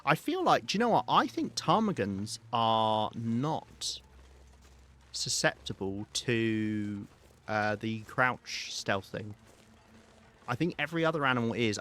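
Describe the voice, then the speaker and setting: Calm British man streaming a game. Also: fairly low pitch. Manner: calm, soft-spoken, chatty with viewers. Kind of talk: casual live-stream chat while playing.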